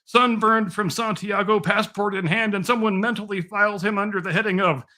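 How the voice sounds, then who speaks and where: A man's voice: sits high, fairly even intonation, fairly quick, sharp tone. A man hosting a podcast, delivering a scripted monologue with dry, mock-patient sarcasm. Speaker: podcast host.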